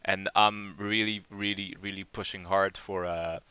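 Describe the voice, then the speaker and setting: A man with a very low, resonant voice hosts a live community Q&A, rambling along with fillers and repeated words. His tone is bright and forceful, and the sound is dry and close. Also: flat delivery, unhurried, clear, resonant tone, dry recording. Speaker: project lead hosting a community AMA. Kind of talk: casual live Q&A chat.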